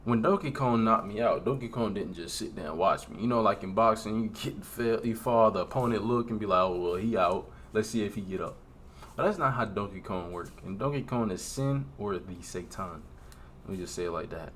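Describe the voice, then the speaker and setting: A young man giving an earnest, emotional, halting confessional talk in a vlog. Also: fairly low pitch, fairly bright tone, a little hiss or hum. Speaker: faith vlogger.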